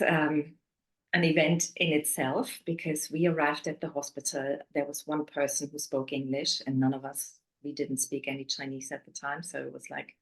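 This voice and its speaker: With a deep voice captured on a rough recording, a woman opens up as an interview guest about a painful personal experience, her words often falling to a hushed tone.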